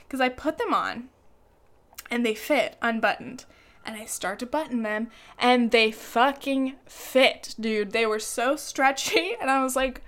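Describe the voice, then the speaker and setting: A young woman talks straight to her audience in a loose, casual vlog style, dropping fillers and curse words as she goes. Her voice sits a little high and comes through smooth and clear. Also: unhurried, fairly bright tone. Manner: chatty, lots of "like" fillers, swears freely. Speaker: vlogger. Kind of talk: casual chat.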